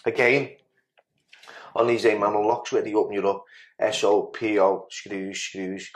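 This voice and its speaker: Man, slightly low voice, podcast guest, casual storytelling, blunt, sweary, stammering restarts. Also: steady tone, unhurried.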